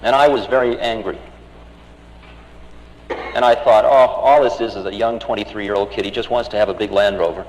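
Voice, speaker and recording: A man of medium pitch tells a story from his own life, wry and self-mocking, acting out what everyone said. He is heard in a roomy hall with a long reverb tail. A faint ambient hum runs underneath. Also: steady tone, normal speed, pauses often. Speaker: spiritual teacher telling a story. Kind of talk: storytelling talk.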